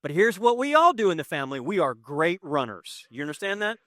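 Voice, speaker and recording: Male pastor, forties, lively conversational preacher with jokes at his own expense; fairly high voice, dry close sound. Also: brisk, dry recording. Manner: animated, conversational, self-deprecating humor. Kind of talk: sermon with personal storytelling.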